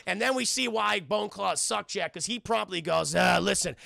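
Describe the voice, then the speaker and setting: A sarcastic male streamer rants through a film scene by scene and talks straight to his chat. His voice is high and heavily gravelly. It comes across bright and tense, in a dry, close sound. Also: normal speed, no echo. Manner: profane and animated, often addressing the chat. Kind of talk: casual live-stream film recap.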